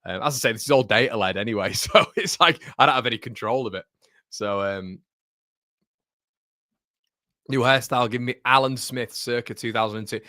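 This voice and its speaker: A livestream host runs a casual live football watchalong, chatty as he reads the chat aloud and calls his viewers mate. His medium-pitched voice is expressive, fast, pushed and bright. The clean studio recording has no echo.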